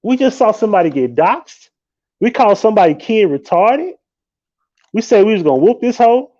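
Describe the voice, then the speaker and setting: A man hosts a live stream and riffs in a loose, animated and profane way, laughing often. His voice sits a little high for a man. The audio is dull and lo-fi. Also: normal speed. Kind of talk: casual live-stream commentary.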